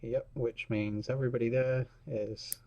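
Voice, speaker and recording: A man's voice: mid-range voice, fairly even intonation, moderate pace, lo-fi sound. A man narrating his repair work in a workshop, chatty and commenting as he works. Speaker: repair technician. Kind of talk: narrating a repair while working.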